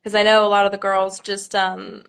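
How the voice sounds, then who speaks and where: A woman in her twenties talks casually to viewers on a livestream. She speaks in a halting way, full of ums and small nervous laughs. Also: medium pitch, level tone, gravelly, fairly bright tone, clear, resonant tone. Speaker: pageant contestant.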